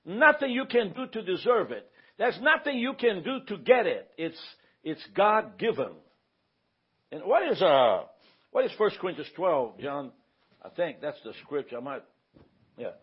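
Husky high-voiced male preacher. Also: big pitch swings, measured pace. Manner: conversational, asks the room for confirmation. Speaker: pastor teaching a church class. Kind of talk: informal Bible teaching. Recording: dull lo-fi recording.

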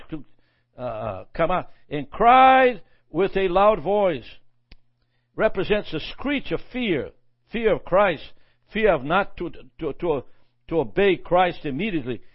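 A man preaching a sermon, reading scripture aloud and often stumbling and repeating words as he teaches. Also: high-pitched. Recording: dull lo-fi recording.

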